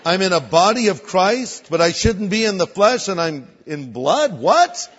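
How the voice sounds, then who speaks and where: An older man preaching a sermon as a guest pastor, telling a story with animated voices for the people in it. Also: high-pitched, normal speed, slightly rough, big-room sound. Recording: dull lo-fi sound.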